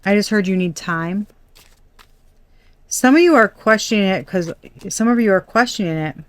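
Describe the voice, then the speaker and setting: A woman's voice: medium pitch, normal speed, dry recording. A young adult woman doing a casual tarot reading, chatty and blunt, swearing and laughing often. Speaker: tarot reader.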